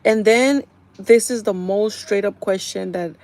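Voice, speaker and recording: A woman talking on her live stream, retelling a show's episode in a loose, gossipy way. Her pitch sits in the middle range, and her talk is full of fillers and quick laughs. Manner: chatty and animated, full of "like" and "kinda"; laughs often while retelling. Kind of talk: casual chat recapping a TV episode.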